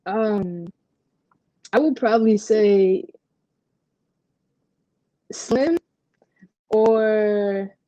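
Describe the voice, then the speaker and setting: Young woman from Puerto Rico, interview guest, candid storytelling, dark dull dry sound. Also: medium pitch, very slow, pauses often, dry recording. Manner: candid, animated storytelling with many fillers. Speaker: interview guest, professional basketball player. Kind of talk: casual interview conversation.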